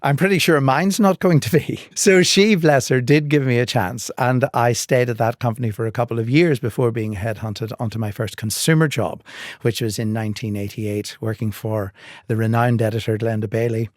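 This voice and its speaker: A man's voice: medium pitch, no echo. Articulate Northern Irish man, dry close sound. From Northern Ireland. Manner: articulate, measured storytelling with dry humor. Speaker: guest. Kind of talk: podcast interview.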